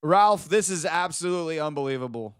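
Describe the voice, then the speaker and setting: A man's voice: on the high side, expressive, brisk, clear, resonant tone, no room sound, clean studio sound. A man hosting a live stream, teasing and mock-scolding a viewer in casual chat banter. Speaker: livestream host.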